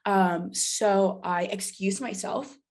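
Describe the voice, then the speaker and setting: A woman's voice: medium pitch, takes it slowly, a little mellow. A woman guest on a podcast, telling a personal story in casual chat and animatedly acting out the dialogue she quotes.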